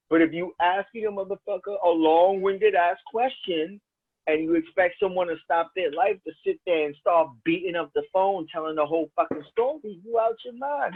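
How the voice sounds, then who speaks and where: High, husky New York man on a tinny line. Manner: profane, emphatic, argues with force. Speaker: podcast co-host. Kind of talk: casual chat.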